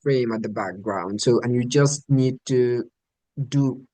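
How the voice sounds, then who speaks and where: A man's voice: medium pitch, a little slow, warm tone, dry recording, rough recording. A man from Sudan who speaks natively, talking earnestly as an interview guest in English with slightly grammar. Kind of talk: casual interview chat.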